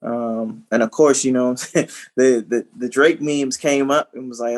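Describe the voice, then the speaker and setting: A man's voice: medium pitch, fairly even intonation, normal speed. A young adult man co-hosting a podcast, talking in an easygoing way and chuckling between lines. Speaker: podcast co-host. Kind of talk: casual chat.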